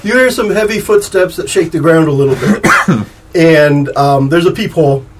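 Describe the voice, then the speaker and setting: A man's voice: fairly high pitch, moderate pace. A man narrating as game master in a playful, laughing way. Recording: distant mic with light noise.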